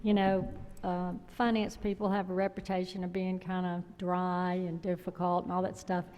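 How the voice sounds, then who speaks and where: A woman on a board of regents giving a warm, laughing tribute to a retiring colleague. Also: on the low side, monotone, normal speed, lo-fi sound. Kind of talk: heartfelt tribute. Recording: echoey meeting hall.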